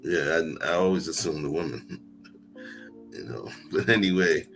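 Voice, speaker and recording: A man hosting a livestream, chatting casually and greeting his viewers by name in a relaxed way. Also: a bass voice, moderate pace, vocal fry, loud music behind the voice. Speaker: livestream host. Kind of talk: casual chat.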